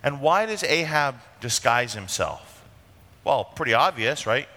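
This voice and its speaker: Brief: male pastor, bright and forceful tone, conversational sermon full of rhetorical questions, long reverb in the church. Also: medium pitch, big pitch swings, measured pace. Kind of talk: expository sermon.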